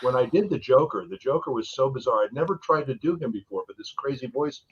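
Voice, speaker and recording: A man's voice: medium pitch, animated, fast talker, slightly rough. A man telling enthusiastic anecdotes as a voice actor guest in a casual chat. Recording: dull lo-fi stream audio.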